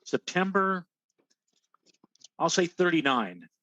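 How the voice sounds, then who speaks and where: A man in relaxed weather-show banter, talking loosely and filling pauses with little hesitations. His voice sits a bit high, and the sound is dry and dull. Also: no room sound. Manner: chatty, filler-heavy. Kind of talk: casual weather chat.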